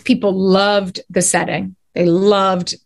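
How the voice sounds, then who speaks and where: Animated woman telling stories. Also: mid-range voice, gravelly. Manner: animated storyteller, quick bursts of speech. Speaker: guest actor and writer. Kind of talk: casual podcast interview.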